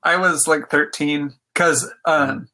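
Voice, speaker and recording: A man's voice: on the high side, fairly even intonation, takes it slowly, pushed and bright. A man guesting on a podcast, chatting casually and enthusiastically about his hobby, with many "like" fillers. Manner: rambling, lots of "like" fillers, enthusiastic. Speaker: podcast guest, game designer. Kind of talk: casual interview chat.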